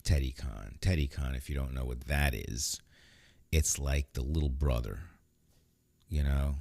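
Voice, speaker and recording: A man's voice: extremely low pitch, a little slow, gravelly, a little mellow, no echo. A man hosting a podcast, talking in a casual, rambling, joking way. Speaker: podcast host. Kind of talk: casual solo podcast talk.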